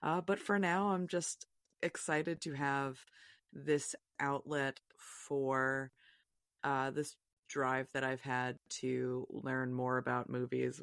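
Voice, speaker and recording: A woman's voice: very deep voice, vocal fry, no echo, clean studio sound. A woman guest on a podcast, chatting casually in a rambling, self-deprecating way and laughing often. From Virginia, US.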